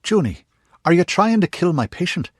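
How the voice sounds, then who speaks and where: A stern, protective healer woman snaps out orders in a high, raised voice, as a male narrator puts her on. Her tone is sharp and bossy, read for an audiobook. The sound is dry and close. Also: very animated, normal speed, husky, no echo, exaggerated voice. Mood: scolding. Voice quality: sharp, scolding.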